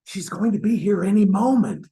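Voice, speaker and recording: A man's voice: sits high, moderate pace, creaky, crowd noise, poor audio. A man acting an online stage scene as a flustered husband hiding an affair, stammering and sheepish as he presses his friend. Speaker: acting student. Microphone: video call.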